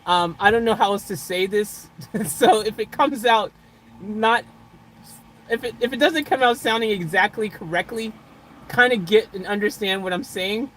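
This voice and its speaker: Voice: medium pitch, normal speed, slight background noise, poor audio. Chuckling livestream host in a vehicle. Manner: chuckles often, playfully dramatic, jumps between loud teasing and soft sincere talk. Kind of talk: casual livestream chat with viewers.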